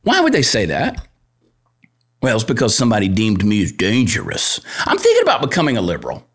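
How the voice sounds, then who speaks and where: A man's voice: lowish voice, wildly swooping pitch, a little fast, husky. A man hosting an opinion talk show and ranting in a crude, joking, worked-up way. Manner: riled-up, crude, joking rant. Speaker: podcast host and comedian.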